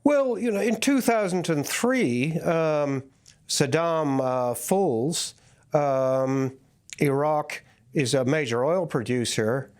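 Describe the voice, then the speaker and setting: A man's voice: on the high side, darkish tone. Man reporting with frequent ums and uhs. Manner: reporting in a measured way with many fillers. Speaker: foreign correspondent. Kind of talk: news interview.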